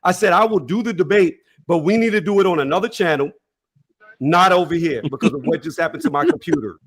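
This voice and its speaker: A man's voice: high-pitched, sing-song, quick pace, slight background noise. A man on a boxing talk panel, insistently laying out his side of an argument at length. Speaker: debate panelist. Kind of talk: heated panel debate.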